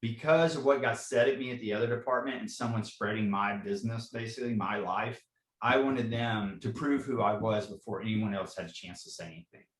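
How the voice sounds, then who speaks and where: A man's voice: on the low side, fairly quick, reverberant, low-quality recording. A man in his forties, a fire captain, earnestly telling personal stories in a podcast interview and often saying "you know". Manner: earnest, frequent "you know", repeats himself.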